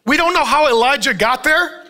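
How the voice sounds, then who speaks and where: A male pastor preaching with a strikingly high voice that swoops lively up and down. He tells the story with animated humor and frequent chuckles. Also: brisk. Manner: chuckles often while preaching. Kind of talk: sermon.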